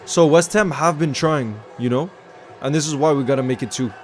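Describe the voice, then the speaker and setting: A man giving excitable live commentary on a football match while greeting viewers in his chat. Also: fairly high pitch, brisk. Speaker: watchalong streamer.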